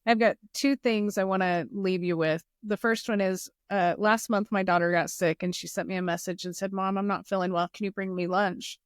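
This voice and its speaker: A woman's voice: mid-range voice, fairly even intonation, moderate pace, few pauses, dry recording, clean studio sound. A middle-aged woman speaking as a guest in a podcast interview, telling personal stories in an earnest, heartfelt way. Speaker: guest, foundation leader.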